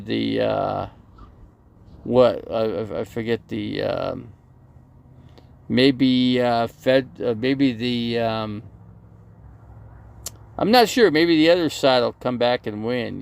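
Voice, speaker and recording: A man's voice: medium pitch, vocal fry. A man on a casual live stream, rambling as he reads viewer comments aloud and answers them, outdoors near a busy road. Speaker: RV channel livestreamer.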